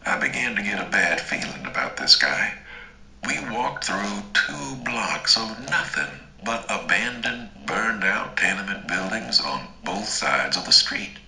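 A man narrating a first-person story in a slow, dramatic, deliberate way. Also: fairly low pitch, lively intonation, creaky, bright, forceful tone, reverberant, poor audio. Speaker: audiobook narrator.

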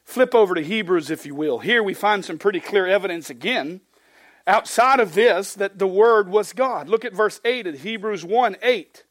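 A male pastor with a high-pitched voice preaches verse by verse. He reads scripture with swelling emphasis, then slips into plainspoken, folksy asides. The sound is dry and close. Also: expressive, normal speed, a bit bright, dry recording. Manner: emphatic, reads scripture aloud with rising force. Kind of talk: expository sermon.

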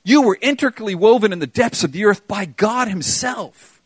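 A man's voice: sits high, expressive, normal speed, husky, no room sound. An older man preaching a sermon as pastor, earnest and pleading, putting questions to his congregation.

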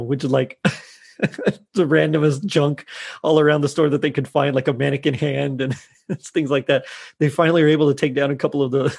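A man with a husky, gravelly voice chats loosely about a TV episode. He laughs often as he retells the scenes. His voice sits a little high for a man. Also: darkish tone. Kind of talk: casual chat recapping a TV episode.

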